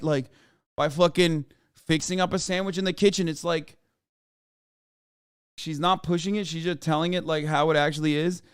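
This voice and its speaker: A man streaming reaction commentary, sarcastic and profane, now and then bursting into shouts. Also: sits high, fairly even intonation, unhurried, pauses often, clear, resonant tone, dry recording, studio quality.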